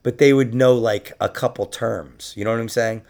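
A man's voice: medium pitch, fairly even intonation, moderate pace, a little mellow. A man hosting a podcast in loose, profane, rambling chat, often breaking into laughter. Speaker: podcast host. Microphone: podcast microphone.

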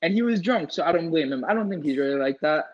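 A man's voice: on the high side, animated, fast, a loud crowd. A young man telling a crude party story on a podcast, acting out his friends' lines in a casual, profane way. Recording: slightly dull lo-fi sound.

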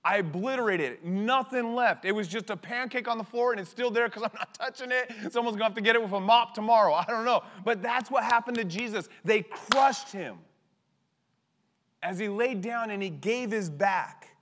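A man in his thirties preaching a sermon with passion, swinging from loud bursts to hushed words. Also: sits high, moderate pace. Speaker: pastor. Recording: long hall reverb.

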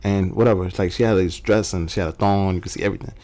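A man's voice: low-pitched, steady tone, mellow. A man hosting a podcast, telling crude stories in loose casual banter. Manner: crude, rapid storytelling with laughs. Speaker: podcast host.

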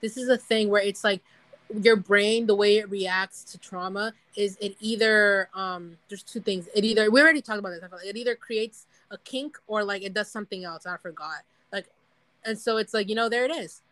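A woman's voice: medium pitch, fairly quick, a bit bright, dry recording, low-quality recording. A woman co-hosting a casual chat, giggling often and rambling as she loses her thread. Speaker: podcast co-host.

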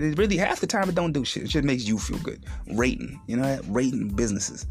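A man's voice: mid-range voice, quick pace, creaky, soft background music. Profane, blunt podcast host man. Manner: blunt, profane, animated storytelling with loud mocking quotes. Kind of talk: casual profane monologue.

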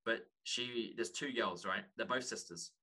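Guy telling his story, lots of false starts, real bright voice. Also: on the low side, faint music behind. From London, England. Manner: earnest, halting, restarts often. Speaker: podcast guest, author. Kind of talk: candid conversation.

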